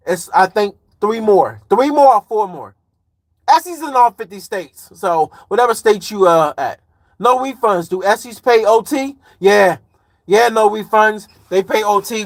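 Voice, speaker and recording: High-voiced man rambling on a live stream. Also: fairly bright tone, dry recording. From Chicago. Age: 40s. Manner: loose, slangy, rambling with lots of fillers. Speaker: livestreamer and truck driver. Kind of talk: casual live-stream chat reading comments.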